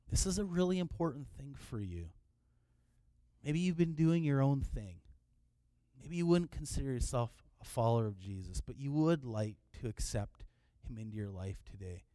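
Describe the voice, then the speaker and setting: A middle-aged man preaching a sermon in a relaxed, conversational way, often restarting his phrases. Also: mid-range voice, no room sound. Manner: conversational, repeats words when restarting. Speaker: pastor.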